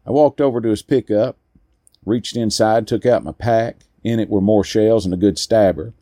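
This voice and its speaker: A man narrating a first-person story in a slow, deliberate way with weighty pauses. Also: on the low side, fairly even intonation, dark tone, no echo, clean studio sound.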